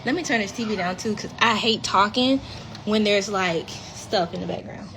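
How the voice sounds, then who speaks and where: A woman's voice: mid-range voice, moderate pace, noisy background. Frank Mississippi woman chatting live. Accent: Mississippi Southern US. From rural Mississippi, US. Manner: frank, chatty, swears freely. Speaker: reality TV cast member. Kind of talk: casual livestream chat.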